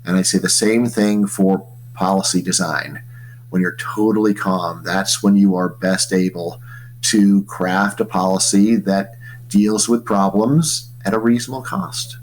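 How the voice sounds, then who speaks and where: Middle-aged american econ prof rambling away in an interview, lots of "like, you know", faint hum behind. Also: male voice, low voice, measured pace, low-quality recording. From United States. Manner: animated and rambling, with many fillers and restarts. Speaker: economics professor. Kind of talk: casual interview conversation.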